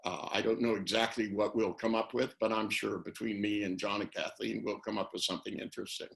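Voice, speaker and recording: A man's voice: fairly low pitch, flat delivery, fairly quick, creaky. An older man on a video call, talking casually and rambling through anecdotes, acting out the phrases he quotes. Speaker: interviewee, NLP trainer. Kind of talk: casual webinar talk.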